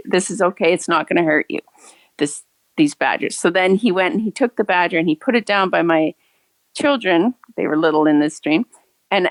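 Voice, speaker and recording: A retired woman in her sixties tells a long personal story, earnest and a little rambling, often circling back and restarting. Her voice sits at an ordinary middle pitch, and the sound is dry and close, with no room around it. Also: dry recording. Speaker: caller sharing a story. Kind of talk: casual storytelling.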